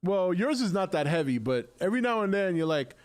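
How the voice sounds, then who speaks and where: A man's voice: sits high, very animated, a little fast. A middle-aged man hosting a casual live stream, chatty and laughing often, with many restarts.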